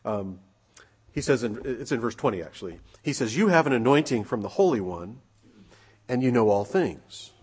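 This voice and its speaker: A man preaching a sermon in a church, talking things through casually and throwing rhetorical questions at his listeners. His voice is a little husky and sits in the middle of the usual male range, and a long hall reverb trails behind every phrase. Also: medium pitch, animated, moderate pace, a little mellow. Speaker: pastor.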